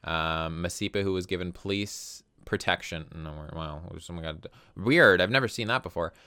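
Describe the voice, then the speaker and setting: A man's voice: low-pitched, normal speed, pushed and bright, smooth, no echo. A man in casual chat who swears freely and reads articles aloud.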